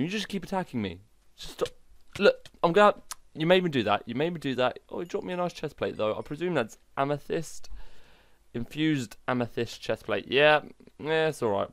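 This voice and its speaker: Gaming host, excitable, self-mocking mod showcase commentary, dry close sound. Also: male voice, medium pitch, normal speed, dry recording.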